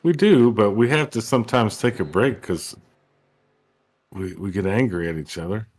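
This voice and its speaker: A man's voice: lowish voice, expressive, moderate pace, a little mellow, breathy edge. A man, commentating a sim race in casual, teasing booth banter. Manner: teasing, joking, drawling.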